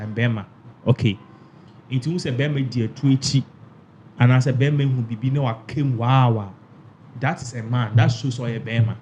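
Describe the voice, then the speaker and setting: A man's voice: medium pitch, mellow, slight background noise. A man commenting in a casual reaction chat, switching between Twi and with stammered restarts. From Ghana.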